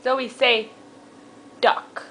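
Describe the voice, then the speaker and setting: A woman's voice: fairly high pitch, flat delivery, drawn-out words, a bit bright, a little hiss or hum, poor audio. A woman at home talking sing-song baby talk to a toddler, patiently coaxing and repeating her questions. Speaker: parent teaching a toddler.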